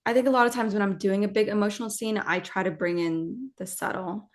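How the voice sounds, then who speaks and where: A woman actress talking casually in an interview, animated and rambling, with many fillers and restarts. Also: mid-range voice, fairly quick.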